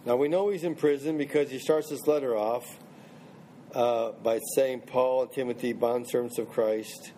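A man's voice: mid-range voice, fairly even intonation, moderate pace, mellow, a little hiss or hum. A man teaching a small Bible study group in a conversational way, restarting phrases and checking in with questions.

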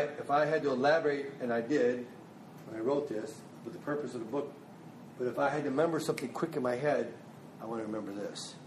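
A man's voice: medium pitch, mellow, slight background noise. A man teaching a small Bible study group in a conversational way, restarting phrases and checking in with questions.

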